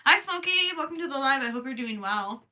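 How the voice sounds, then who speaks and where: A tired young woman with a Minnesotan accent chats on a crochet livestream and reads comments aloud between giggles. Her voice sits a little high and sounds bright and sharp, though it is strained from the late hour. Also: lively intonation, fairly quick. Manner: giggly, chatty, reading viewer comments aloud. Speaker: livestream host. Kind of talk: casual livestream chat while crocheting.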